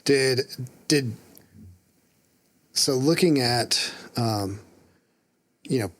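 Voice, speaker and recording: A man's voice: medium pitch, extremely slow. A man hosting a podcast, asking short, encouraging questions and laughing along with his guest. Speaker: podcast host. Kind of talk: casual interview.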